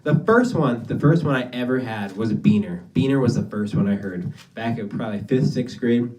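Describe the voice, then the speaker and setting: A man's voice: medium pitch, moderate pace, warm tone, recorded from a distance. A young man doing his first stand-up set, telling rambling, profane stories in a casual way. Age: young adult. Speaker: stand-up comedian. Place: small basement venue.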